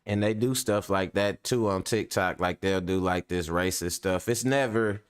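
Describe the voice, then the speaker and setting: A man's voice: low voice, normal speed, smooth. A man hosting casual reaction commentary, telling stories in loose slang with many fillers. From Kenya. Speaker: commentary host.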